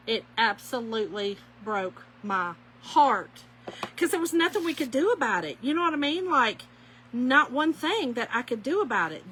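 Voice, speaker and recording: A woman telling stories to her viewers as she crafts, folksy and animated, calling them y'all. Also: a little high, slight background noise. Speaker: craft vlogger. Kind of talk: chatty storytelling while crafting.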